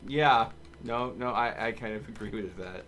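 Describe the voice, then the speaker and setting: A man's voice: lowish voice, steady tone, normal speed, a bit bright, soft background music. A man in casual chat while gaming with friends, joking and laughing easily, often self-deprecating. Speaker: gamer on a multiplayer stream.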